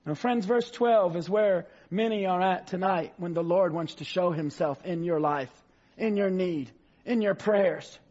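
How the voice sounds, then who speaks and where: A male preacher delivering a fervent sermon, reading scripture slowly and rising to shouts. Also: sits high. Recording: dull lo-fi sound.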